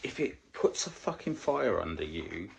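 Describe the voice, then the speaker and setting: A man in a casual motivational vlog, coaching on weight loss in a blunt, sweary, animated way. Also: low-pitched, measured pace, creaky, a little hiss or hum.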